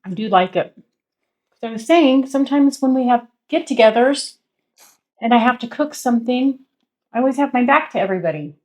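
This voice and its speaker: A woman's voice: a little high, animated, brisk, long pauses, darkish tone. A woman hosting a home cooking vlog, chatting playfully and laughing often in her kitchen. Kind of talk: casual chat.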